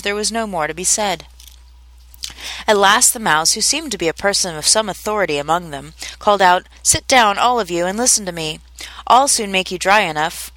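A woman reads a classic children's story aloud in a measured, expressive way. Her voice is mid-range, with no echo.

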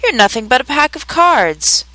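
Woman reading as Alice: bold, indignant young girl, bright and high-pitched. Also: moderate pace, dry recording, exaggerated voice, low-quality recording. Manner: high, excited exclamations.

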